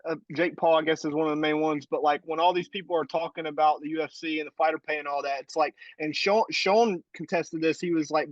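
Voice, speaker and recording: A man's voice: a little high, fairly even intonation, fast, few pauses, no room sound, dull audio. A man co-hosting a podcast in casual chat, bringing up what earlier guests said. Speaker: podcast co-host.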